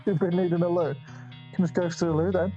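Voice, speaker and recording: A man's voice: high voice, level tone, quick pace, mellow, highs cut off, soft background music. A man co-hosting a podcast, chatting casually about a film in a rambling way, full of restarts and swearing. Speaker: podcast co-host. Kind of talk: casual film review chat.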